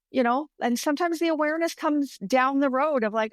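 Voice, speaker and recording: A woman's voice: high-pitched, normal speed, few pauses, no echo, clean studio sound. Candid woman in her fifties. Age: 50s. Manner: candid, storytelling, acts out her own inner voice. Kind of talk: casual podcast chat.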